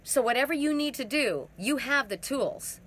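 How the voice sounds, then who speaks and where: A woman's voice: sits high, animated, moderate pace, fairly bright tone, a little hiss or hum. A middle-aged woman giving an emphatic, repetitive spiritual monologue as a twin soul facilitator, speaking outdoors. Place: outdoors in hot humid weather.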